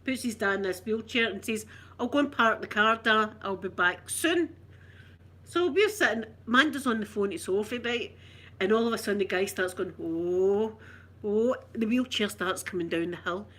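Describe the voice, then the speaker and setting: A woman's voice: medium pitch, normal speed, a bit bright. A middle-aged Scottish woman telling a story casually, acting out the people she quotes.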